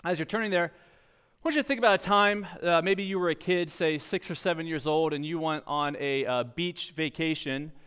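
A man's voice: a little high, normal speed, fairly bright tone, clean tone. A young adult man, a pastor, preaching a sermon in a conversational, storytelling way with light self-deprecating humor.

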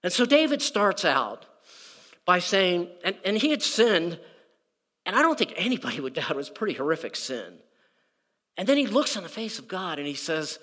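Male pastor, high voice, casual sermon delivery, stumbles over repeated words, long church reverb. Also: very animated, normal speed, a bit bright. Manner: conversational, repeats words, acts out quoted prayers. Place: church sanctuary. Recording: reverberant hall.

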